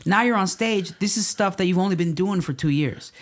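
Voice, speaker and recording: A man's voice: sits high, fairly quick. A male stand-up comedian in casual chat, giving advice in a slangy, reassuring and emphatic way. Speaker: stand-up comedian, podcast guest.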